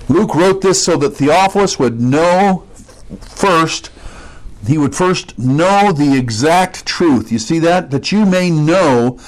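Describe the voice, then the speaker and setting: A man's voice: on the high side, animated, takes it slowly, poor audio. A man preaching an expository sermon, stressing key words and putting questions to his listeners.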